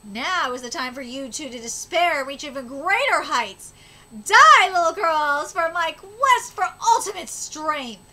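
A woman's voice: high voice, lively intonation, measured pace, sharp tone, pitched below the performer's own voice, heavily acted. A woman reading aloud the lines of a ruthless male villain who craves ultimate strength, in a cold, taunting manner. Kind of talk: reading manga dialogue aloud.

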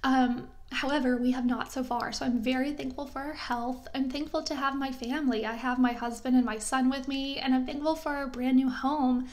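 A woman's voice: high-pitched, fairly even intonation, moderate pace, few pauses, a little mellow. A young woman vlogger speaking heartfelt and reassuring words straight to her viewers, getting emotional at times. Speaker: lifestyle vlogger. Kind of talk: heartfelt talk to camera.

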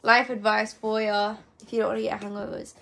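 A woman's voice: medium pitch, flat delivery, a little fast, vocal fry, fairly bright tone. A young woman vlogging while drunk, chatting loosely and swearing as she does her makeup. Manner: loose, giggly and rambling, swears casually. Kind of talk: casual chat while doing makeup.

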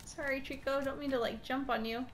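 A woman's voice: high-pitched, fairly even intonation, a little fast, a little hiss or hum. A woman giving casual, swearing let's-play commentary and talking to the creature on screen. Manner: chatty, frequent swearing, talks to the game creature. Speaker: gaming video creator. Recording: voice over loud game audio.

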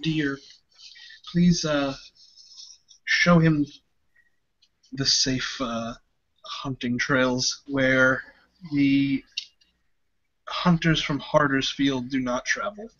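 A man voicing an old tribal grandmother who speaks in a slow, halting, formal way. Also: medium pitch, fairly bright tone. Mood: gentle request. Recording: dull lo-fi recording.

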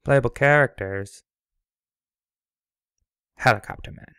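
A man's voice: medium pitch, takes it slowly, a bit bright, clear, resonant tone, no echo, studio quality. A young man giving goofy, rambling commentary on a game, sometimes singing bits of a song. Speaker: let's play commentator. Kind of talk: casual gameplay commentary.

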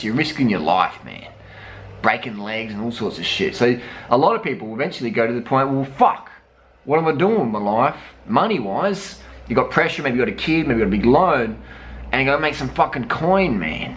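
Casting: middle-aged man, cycling vlogger, profane and heated, mid-pitched voice, unpolished rant. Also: a bit bright. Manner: blunt, swearing, heated. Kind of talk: profane ranting commentary.

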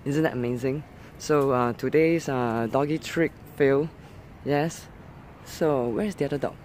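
A livestreamer with a Singaporean English accent, streaming casually from a park playground at night on a handheld camera. They call their dogs loudly in a high, excited voice, then drop to low asides to the viewers. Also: unhurried, slight background noise.

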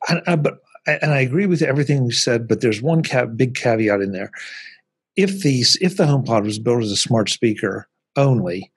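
A man's voice: mid-range voice, lively intonation, moderate pace, husky, no echo, clean studio sound. A man hosting a podcast, chatting casually about tech and often repeating words as he starts a thought. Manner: conversational, repeats words when starting sentences. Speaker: podcast host.

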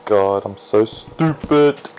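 A man casually commentating his own gameplay, chatty and self-deprecating, jumping into excited high yelps. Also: slow pace, a little hiss or hum, rough recording. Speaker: let's play gamer.

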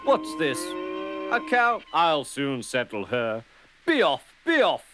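A man's voice: medium pitch, a little slow, music in the background, lightly acted. A man voicing a big proud male engine in a storybook, blustering but nervous underneath.

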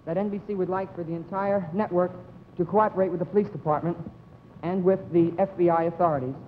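A young man hosting a live comedy TV show, delivering announcements in a mock-earnest pitchman manner. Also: fairly even intonation, fast, long reverb tail, a little hiss or hum. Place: TV studio stage before an audience. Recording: dull 1950s TV broadcast with loud studio audience.

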